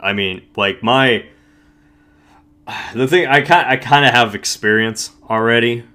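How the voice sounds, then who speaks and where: A man's voice: mid-range voice, a little slow, bright, forceful tone. A man co-hosting a casual podcast from Ohio, rambling and breaking off his sentences. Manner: rambling, self-interrupting, trailing off. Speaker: podcast co-host. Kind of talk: casual live podcast chat.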